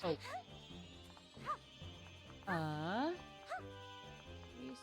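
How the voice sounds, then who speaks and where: A woman's voice: medium pitch, lively intonation, very slow, gravelly, music in the background. A woman streamer giving casual, rambling gameplay commentary, full of "like" and playful swearing.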